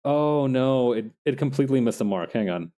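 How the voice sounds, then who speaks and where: A young man casually chatting while he makes digital art, self-mocking and quick to laugh. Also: mid-range voice, expressive, mellow. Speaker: digital artist streamer. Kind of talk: casual narration while drawing.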